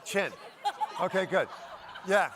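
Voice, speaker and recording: Man, keynote speaker, playful crowd commands, conference stage, light background noise. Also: sits high. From Denver, Colorado. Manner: upbeat, playful, bossing the crowd with quick commands. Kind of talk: high-energy audience-participation keynote.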